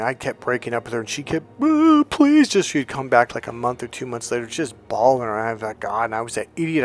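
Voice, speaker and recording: Guy venting his story, blunt and swearing a lot, soft music in the back. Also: mid-range voice. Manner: blunt, profane, emphatic. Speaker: dating coach. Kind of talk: casual storytelling monologue.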